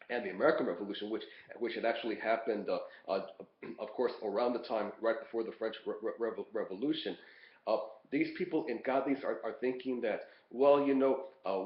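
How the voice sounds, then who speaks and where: A man lecturing on course readings, talking casually with many fillers, restarts and repeated words. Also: medium pitch. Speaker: college instructor. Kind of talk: lecture recording previewing readings. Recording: echoey, dull lo-fi room recording.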